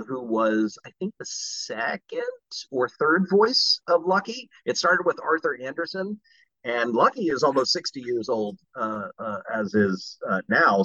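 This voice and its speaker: A man, a voice actor guest, chatting on a podcast and telling animated stories. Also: medium pitch, no room sound, dull audio. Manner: animated storyteller who slips into voices. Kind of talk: casual podcast chat.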